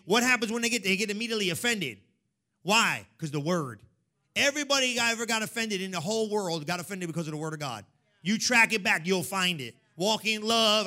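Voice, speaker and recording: A man preaching a sermon in a church, calling out to the congregation and swinging between hushed, intense stretches and loud, sing-song exhortation. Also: sits high, expressive, a little fast. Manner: call-and-response preaching, swings from hushed to shouting. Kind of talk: energetic sermon.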